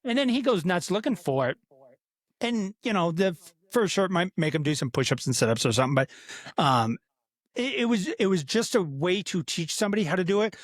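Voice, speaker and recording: A man's voice: high voice, animated, brisk, no echo. A man in his fifties co-hosting a podcast, chatting bluntly and swearing casually. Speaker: podcast co-host. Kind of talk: casual chat.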